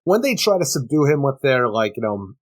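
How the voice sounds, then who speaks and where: Fast-talking man ranting about comics. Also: mid-range voice, very animated. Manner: quick, wry, rants about plot details. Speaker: podcast co-host. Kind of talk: casual comic book discussion.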